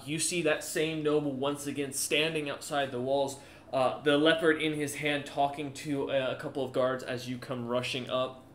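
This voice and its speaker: A man's voice: fairly high pitch, fairly bright tone, reverberant, slight background noise. A man running a tabletop game as game master, narrating in a rambling way full of restarts.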